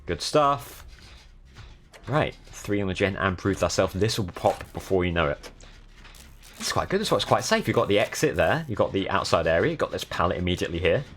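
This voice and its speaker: A man's voice: deep voice, animated, normal speed, a bit bright. A young man from the south of England with a southern English accent, commentating on his live gameplay and thanking viewers as they follow. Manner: chatty, thanking viewers while playing. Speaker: streamer.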